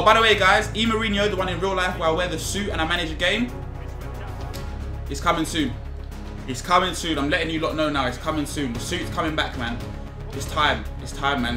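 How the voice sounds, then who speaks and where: A young man giving excitable football-game commentary, repeating phrases and shouting at goals. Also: fairly high pitch. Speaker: gaming YouTuber. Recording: echoey room with game music.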